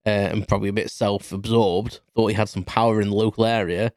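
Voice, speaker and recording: British guy in his 30s rambling on his podcast, lowish voice, super dry close sound. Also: steady tone, fast, a little mellow, no room sound. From United Kingdom. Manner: rambling, many restarts and fillers. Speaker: podcast host. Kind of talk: casual storytelling monologue.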